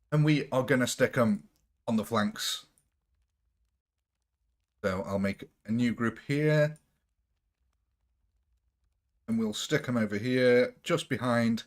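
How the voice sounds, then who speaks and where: Jokey British man streaming a game. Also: fairly low pitch. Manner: jokey, self-mocking, chatty. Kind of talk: live gameplay commentary chatting with viewers.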